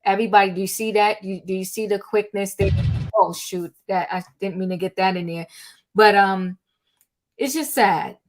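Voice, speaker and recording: A woman's voice: mid-range voice, normal speed, soft background music. An older woman hosting a live online chat room, talking casually and earnestly with plenty of fillers. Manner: chatty, earnest, lots of fillers. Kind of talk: casual live talk show. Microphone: online audio room.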